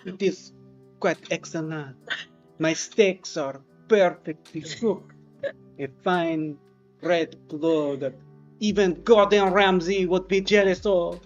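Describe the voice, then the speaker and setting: A woman's voice: on the low side, takes it slowly. A woman voicing a pompous French woman artist and cook with a put-on French accent, in improvised comedic role-play. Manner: grandiose, self-important, dry. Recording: dull lo-fi stream audio, faint music.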